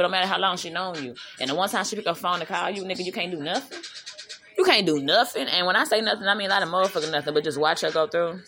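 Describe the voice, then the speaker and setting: A woman's voice: fairly low pitch, bright, forceful tone, a little hiss or hum. Blunt profane woman ranting. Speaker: host. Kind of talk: casual rant to camera.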